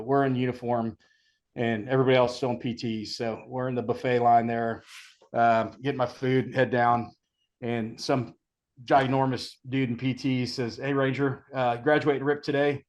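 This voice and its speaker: A middle-aged man, a retired army sergeant major, telling service stories in a relaxed chat, acting out the sergeants he quotes. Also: medium pitch. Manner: relaxed storytelling, acts out quoted sergeants, laughs. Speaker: podcast guest, retired Ranger sergeant major. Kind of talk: casual storytelling.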